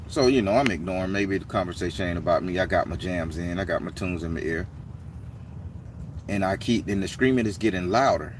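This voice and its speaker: A man casually telling a story to his viewers, his voice climbing high and heated as he acts out an argument. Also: fairly quick, distant mic, slight background noise. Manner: animated street-talking storyteller, rising excited and heated as he retells.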